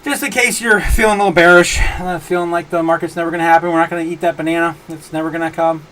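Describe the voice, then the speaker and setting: Giggly, higher-voiced man hosting a stream. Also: fairly even intonation, fast talker, fairly bright tone. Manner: giggly, often breaks into helpless laughter; rambling, many fillers and restarts. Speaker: livestream host. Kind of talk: casual livestream chat, reading viewer comments.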